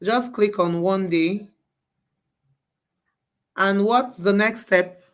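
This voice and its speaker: Woman, bootcamp instructor, unhurried delivery, repeats every step patiently. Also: medium pitch. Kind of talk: live class walkthrough.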